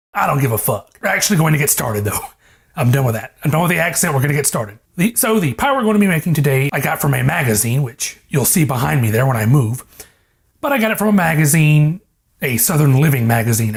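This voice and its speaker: On the high side with vocal fry and a breathy edge, this young man's voice carries a casual home cooking vlog full of rambling, jokes and swearing. It's recorded on a lavalier mic in the kitchen, fridge hum audible behind him.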